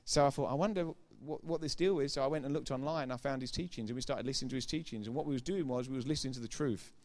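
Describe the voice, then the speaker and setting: A man giving a sermon testimony as a preacher, retelling conversations line by line and growing loud and emphatic when he preaches. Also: mid-range voice, racing. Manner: retells dialogue with repeated "I said, he said".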